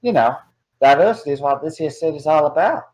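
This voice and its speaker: Man doing a folksy Southern cat-lady clerk for a tabletop game: gentle, chatty, drawling. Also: on the high side, expressive, fast talker, voice pushed up, natural voice, poor audio. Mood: welcoming. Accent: put-on Southern US drawl. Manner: drawling, hospitable, with y'all and darling.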